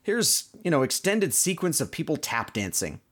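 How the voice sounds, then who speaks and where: A man from Canada chatting on a podcast, joking and rambling with lots of "you know." His pitch jumps around as he talks. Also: very animated, normal speed, fairly bright tone. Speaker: podcast co-host. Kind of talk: casual chat.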